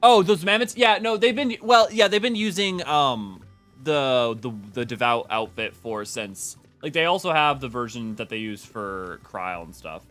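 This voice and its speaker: A man's voice: mid-range voice, measured pace, a bit bright, soft background music. A man streaming a game, chatting with viewers in a rambling way with many restarts. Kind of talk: casual game stream commentary.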